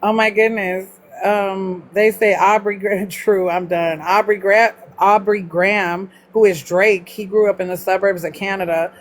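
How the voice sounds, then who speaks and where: Southern mom hosting a live stream, blunt and profane, faint hiss behind. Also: female voice, medium pitch, steady tone, measured pace. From Mississippi. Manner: blunt, swears freely, chatty. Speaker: livestream host. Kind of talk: casual live chat with viewers.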